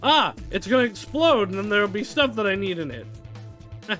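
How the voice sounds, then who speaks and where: A man's voice: high-pitched, sing-song, fairly quick, a bit bright, soft background music. A man streaming a video game live, thinking aloud and reading out game text as he plays. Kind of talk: live game playthrough commentary.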